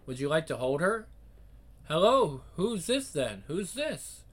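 A homely older mother speaks softly and chattily about her baby, as a man reads her part aloud. Her voice moves lively up and down, unhurried and gentle, in a comic-book reading. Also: on the high side. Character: old woman, young mother, gentle chatty.

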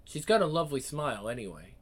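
A man voicing a gentle, chatty older woman nursing a baby, talking softly and unhurriedly in a comic reading. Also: medium pitch, very animated, quick pace. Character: old woman, young mother, gentle chatty.

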